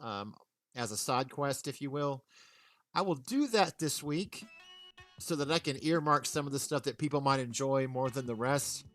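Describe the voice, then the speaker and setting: A man's voice: mid-range voice, fairly bright tone, no room sound, studio quality. A man hosting a live stream, chatting casually with rambling fillers. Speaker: stream host. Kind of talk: casual commentary.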